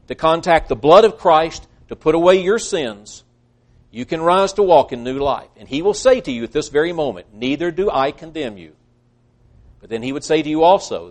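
Earnest, emphatic male preacher with a higher voice. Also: darkish tone. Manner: earnest and emphatic, quoting scripture at length. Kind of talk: sermon.

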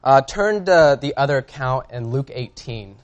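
A man preaching a sermon in a casual, conversational way, reading scripture aloud and often pausing on fillers. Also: medium pitch, animated, highs cut off.

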